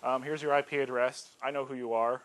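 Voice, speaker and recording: A man's voice: mid-range voice, steady tone, a little fast, a bit bright, lightly acted, poor audio. A man voicing a chirpy, friendly male mail server, cheerful and overly polite.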